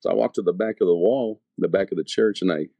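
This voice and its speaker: Middle-aged male evangelist, low voice, rambling testimony in a dry room, full of "you know". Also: quick pace, vocal fry, no echo, lo-fi sound. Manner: storytelling, acting out past dialogue. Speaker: evangelist telling his testimony. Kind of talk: casual spoken testimony.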